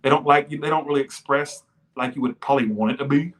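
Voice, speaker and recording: A man's voice: medium pitch, fast talker, a bit bright. Rambling, foul-mouthed male tarot reader. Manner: rambling, profane, goes off on tangents; reads out viewer donations mid-reading. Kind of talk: casual livestream tarot reading.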